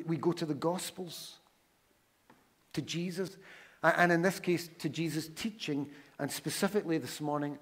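A male pastor delivering a sermon at an unhurried, very slow pace. He lingers on each phrase, stacking lists word by word with deliberate pauses. His voice sits at an ordinary middle pitch. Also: slightly rough.

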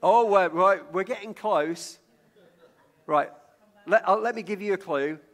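A man's voice: high-pitched, a little slow. A middle-aged man from Lancashire, England, preaching a sermon in a chatty way: he tells a story from his childhood, often repeats words mid-sentence, and asks the congregation to call out guesses. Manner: conversational, stumbles and repeats words, draws the congregation in with questions.

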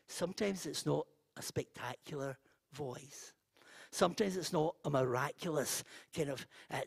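Middle-aged male preacher, gravelly and slow, soft hesitant sermon delivery, dry close sound. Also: fairly high pitch, no room sound. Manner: gentle, hesitant, drops to near whisper.

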